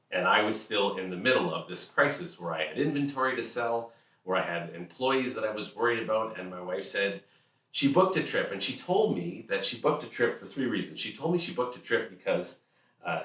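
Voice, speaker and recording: Middle-aged man, deep voice, bright forceful tone, earnest storytelling, echoey room, mic at a distance. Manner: earnest, candid, acts out family voices. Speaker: host telling a personal story. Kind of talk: personal storytelling talk.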